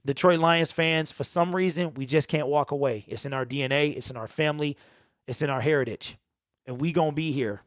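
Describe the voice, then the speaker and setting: A man's voice: on the high side, brisk, dry recording, studio quality. A man hosting his own sports channel, speaking in a raw, unedited, emphatic and emotional monologue to his viewers. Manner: emphatic, repetitive, earnest and emotional. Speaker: host of a sports talk channel.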